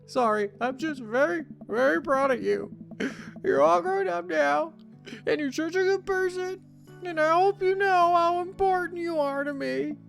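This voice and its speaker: A man's voice: extremely high pitch, measured pace, vocal fry, pitched above the performer's own voice, full character voice. A man voicing a sentimental father, choked up and tearful, with game music behind. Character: proud sentimental single dad.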